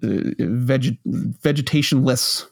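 A man's voice: mid-range voice, fairly even intonation, takes it slowly, creaky. Rambling, foul-mouthed man in casual chat. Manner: profane, rambling, self-mocking, lots of fillers.

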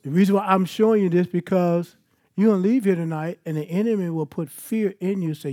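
A man's voice: sits high, steady tone, brisk, dark tone. A man preaching a sermon at an evening church service, moving between scripture and personal stories in an emphatic, conversational way.

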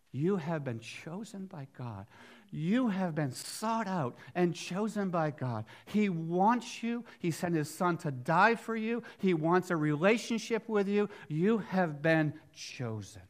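A middle-aged male pastor preaching a sermon, swinging from near-whispers to loud emphatic bursts, with chatty asides and rhetorical questions. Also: high-pitched, lively intonation, slow pace.

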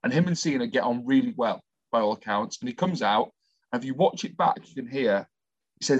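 A man's voice: mid-range voice, a little fast, no echo. A man co-hosting a talk show, telling stories keenly in casual chat. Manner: enthusiastic storyteller, chatty. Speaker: co-host, former athlete. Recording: dry, slightly dull sound.

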